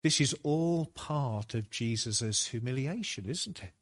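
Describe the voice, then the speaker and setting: A man preaching a sermon, slow and deliberate, building to emphatic peaks. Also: mid-range voice, animated.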